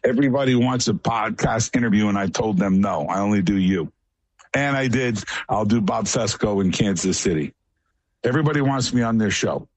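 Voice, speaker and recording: A man's voice: lowish voice, normal speed, no room sound. A man guest in a casual radio interview, telling long, rambling stories in a matter-of-fact way.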